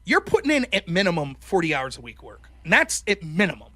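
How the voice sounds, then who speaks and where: A man with a slightly high, pushed and bright voice swings hugely in pitch while talking briskly as a podcast guest. The former college debater keeps the chat casual and animated, cursing constantly and acting out other people's words.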